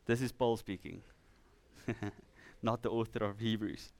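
A man with a South African accent preaching a sermon in church, earnest and conversational, slowing down to read scripture with emphasis. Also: lowish voice, steady tone. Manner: earnest, with laughing asides and slow emphatic scripture reading.

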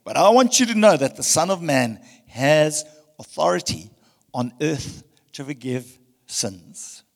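A male pastor preaching a passionate sermon, swinging between loud emphasis and hushed tones. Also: on the high side, big pitch swings, measured pace, gravelly, big-room sound. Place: church hall.

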